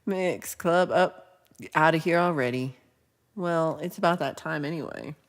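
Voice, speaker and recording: A woman's voice: sits low, measured pace. A woman hosting a casual livestream, chatting, teasing and laughing as she reads viewer comments. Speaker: livestream host.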